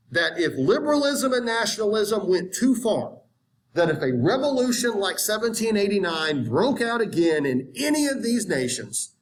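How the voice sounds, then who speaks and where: Animated high-voiced male history lecturer. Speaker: history teacher. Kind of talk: classroom lecture.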